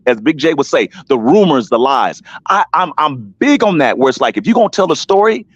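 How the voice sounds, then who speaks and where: A man's voice: fairly high pitch, breathy edge, dry recording. A man in a heated casual talk on an online panel, emphatic and repetitive, calling listeners by name. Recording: dull dry stream audio.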